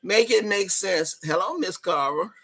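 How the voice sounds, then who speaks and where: A woman hosts her own livestream from home, reading viewers' comments aloud amid bursts of laughter. Her voice is bright and tense with a husky edge, and her delivery is loud and rowdy. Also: mid-range voice, unhurried. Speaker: livestream host.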